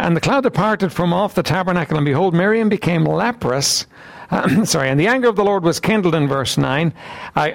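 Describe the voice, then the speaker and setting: A man preaching a sermon, reading scripture aloud in its old wording and often clearing his throat. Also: on the high side. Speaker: Bible teacher.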